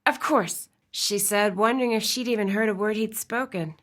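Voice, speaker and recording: A woman narrating a romance audiobook in an expressive storytelling style. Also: mid-range voice, a little fast. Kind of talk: scripted narration.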